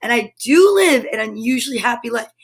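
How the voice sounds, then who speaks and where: A woman with a high voice hosts a live stream from home. She is bubbly and exclamatory, chatting with her viewers and reading their comments aloud. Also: lively intonation, a little fast, creaky, slightly rough. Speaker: host of a live comedy stream.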